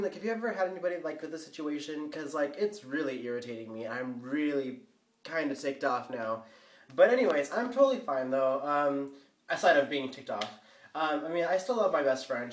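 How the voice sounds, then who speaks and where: A teenage boy vlogging a casual rant, rambling and filling every pause with "like" and "um". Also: fairly high pitch. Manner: rambling, full of "like" and "um". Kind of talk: casual ranting vlog. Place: bathroom floor. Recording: echoey bathroom, mic at a distance.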